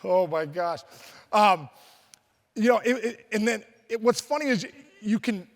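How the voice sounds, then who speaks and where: A man's voice: sits high, measured pace. A middle-aged man from Pittsburgh gives a storytelling speech at a luncheon. He acts out the voices of the people he quotes and often restarts his sentences. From Pittsburgh, USA. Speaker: guest speaker. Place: large banquet hall. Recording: reverberant banquet hall.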